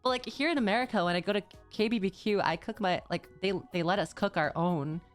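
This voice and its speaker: A woman's voice: mid-range voice, quick pace, faint music behind. A young woman streamer chatting casually and rambling as she recaps a trip, full of "like" and slang. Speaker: VTuber streamer.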